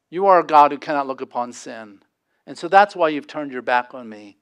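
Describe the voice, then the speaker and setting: A man's voice: fairly high pitch, expressive, a bit bright, smooth. Impassioned man preaching a sermon. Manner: impassioned preaching with dramatic pauses. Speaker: pastor.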